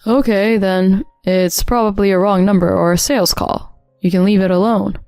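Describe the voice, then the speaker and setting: A woman voicing a nervous, scheming husband who stammers and talks defensively, with a warm, mellow tone. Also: medium pitch, steady tone, moderate pace, clean tone, dry recording, clean studio sound, faint music behind, close to an everyday voice. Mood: casual.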